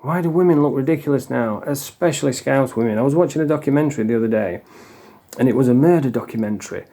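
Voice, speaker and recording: A middle-aged Yorkshire man delivers a blunt, sweary rant straight to camera. His voice is dark and mellow, at an ordinary pitch for a man. He sounds opinionated and unfiltered throughout. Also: fast talker. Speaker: vlogger. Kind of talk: ranting monologue vlog.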